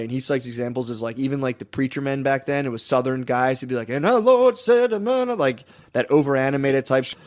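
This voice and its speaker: Man, podcast co-host, casual chat, rambling, filler-heavy, mid pitch. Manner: rambling, loose, with many fillers and restarts.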